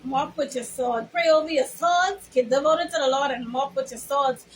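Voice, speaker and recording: Bahamian woman, very high voice, emphatic preachy vlog talk, faint background hiss. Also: normal speed, poor audio. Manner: emphatic, sermon-like, drawls words. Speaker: vlogger. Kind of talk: preachy storytelling monologue.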